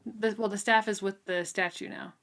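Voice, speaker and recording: A woman's voice: medium pitch, fairly even intonation, normal speed, fairly bright tone. A woman co-hosting a podcast, chatting casually about a book and laughing easily. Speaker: podcast co-host.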